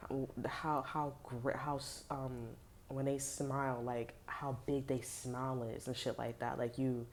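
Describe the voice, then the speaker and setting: Very low-voiced woman giving a rambling tarot reading. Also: little pitch movement, a little slow, slight background noise. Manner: rambling, profane, slangy, with lots of fillers. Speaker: tarot reader.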